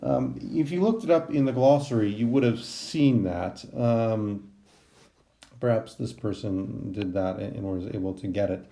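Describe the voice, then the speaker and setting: Gravelly, halting man teaching Greek. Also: lowish voice, dark tone. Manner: halting, many ums and restarts. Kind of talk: recorded class lecture.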